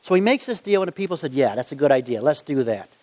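A man preaching a sermon, reading Bible verses aloud and acting out the story in lively voices. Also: on the high side, fast talker. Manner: animated, acts out the story in voices. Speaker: gospel magician preacher. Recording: long hall reverb.

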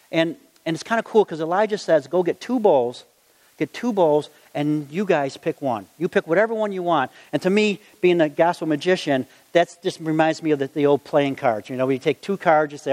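Man preaching, animated storytelling voice, reads verses, long reverb. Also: fairly high pitch, normal speed. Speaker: gospel magician preacher. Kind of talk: sermon with Bible reading.

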